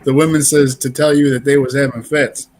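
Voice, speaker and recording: A man's voice: medium pitch, level tone, fairly quick. A man chatting casually as a regular guest on a live stream, friendly and encouraging viewers to comment. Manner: friendly, relays others' remarks, urges chat comments.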